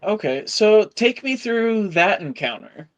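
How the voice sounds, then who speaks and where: A man's voice: high voice, very animated, measured pace, highs cut off. A man hosting an interview, asking brief questions that prompt his guest. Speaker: interviewer, host.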